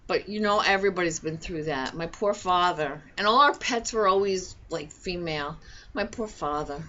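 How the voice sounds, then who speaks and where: An older woman from New Jersey, chatty and gently scolding in a casual home video chat. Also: fairly low pitch, moderate pace, muffled recording. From Bergen County, New Jersey.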